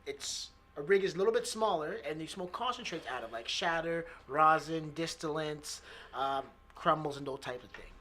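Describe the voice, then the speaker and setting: A man's voice: a little high, normal speed, bright, forceful tone, slight background noise. A man who is a guest on a podcast, chatting easily and explaining things plainly. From Canada. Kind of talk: casual chat.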